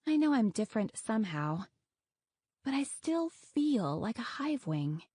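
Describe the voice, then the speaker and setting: An earnest young dragon girl pleads to be trusted in a storybook reading, as a woman puts her on. Her voice sits high and lifts brightly. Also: sing-song, unhurried, husky, no room sound, heavily acted. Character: young female dragon, earnest, eager to reassure.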